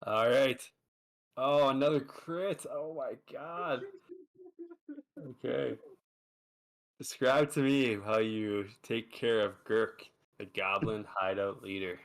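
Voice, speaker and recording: A man running a tabletop game as its dungeon master, chatty and quick, with lots of fillers. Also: mid-range voice.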